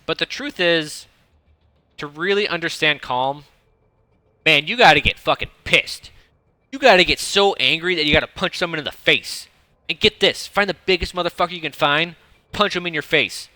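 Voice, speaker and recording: A man, a streamer casually coaching a viewer in a blunt, profane, rambling way with a fairly monotone delivery. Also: a little high, normal speed, no echo. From United States (Detroit). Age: 30s. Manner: self-described monotone delivery.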